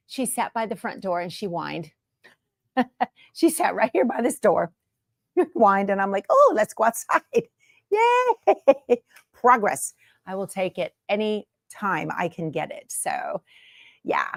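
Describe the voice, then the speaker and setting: A woman's voice: medium pitch, expressive, a little slow, vocal fry, pauses often, no room sound, studio quality. A woman hosting her sewing channel in a chatty, homey way from her sewing room. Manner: chatty and homey, many fillers. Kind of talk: casual chat to camera.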